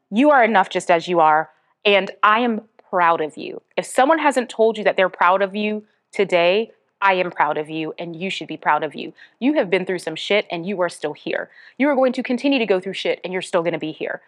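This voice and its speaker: A woman hosting a motivational podcast, speaking earnestly and encouragingly, with bursts of bubbly excitement. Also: mid-range voice, a little fast. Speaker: podcast host and author. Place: Smyrna, Georgia area.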